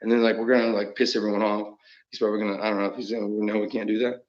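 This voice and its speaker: A man's voice: fairly low pitch, level tone, rapid-fire, a little mellow, highs cut off. A man talking in a rambling monologue, chuckling often mid-sentence and trailing off into restarts.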